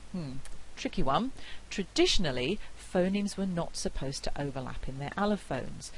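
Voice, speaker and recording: A woman giving a recorded phonetics lecture, explaining carefully and repeating example words slowly. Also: low-pitched, slight background noise, poor audio.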